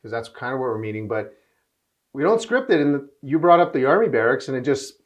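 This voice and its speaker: A middle-aged man hosting an interview show, telling anecdotes in a rambling, excited way. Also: medium pitch, fairly quick, dull audio. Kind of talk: casual interview chat.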